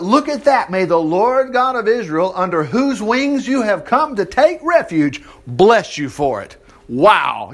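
A man's voice: fairly high pitch, a bit bright. A man reading a Bible passage aloud and breaking off into chatty, exclaiming commentary, sometimes losing his place. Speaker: Bible teacher.

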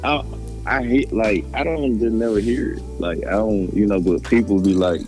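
A young man with a Memphis Southern accent answering interview questions in a halting, laid-back way, full of fillers and restarts. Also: fairly low pitch, a little mellow, soft background music, low-quality recording. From Memphis, Tennessee. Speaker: rapper guest.

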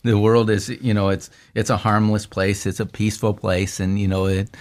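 A man, a pastor, talking through a psalm in a casual discussion, with many restarts and fillers that lift into animated quotes. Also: lowish voice, moderate pace.

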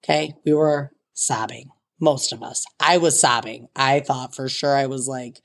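A woman telling a casual storytime monologue in an animated, dramatic way, swearing freely. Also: rumbling low, measured pace.

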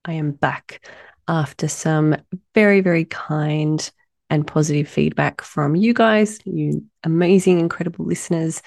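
A woman hosting her own podcast alone, her voice low and husky with a gravelly edge, hoarse after being ill. She talks in a warm, mellow tone, gushing and chatty, and the sound is dry and close. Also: no echo. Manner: enthusiastic, effusive, chatty. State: hoarse from recent illness. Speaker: podcast host. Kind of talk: solo podcast monologue.

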